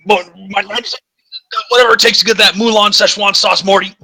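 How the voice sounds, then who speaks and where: Brief: a man putting on a wild-eyed old cartoon scientist, slurred, high and bright. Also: steady tone, racing, full character voice. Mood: ranting.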